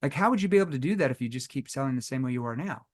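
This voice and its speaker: A middle-aged man leading a live sales training, acting out sales calls with lively energy. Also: medium pitch, racing. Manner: energetic, role-plays scripted sales calls.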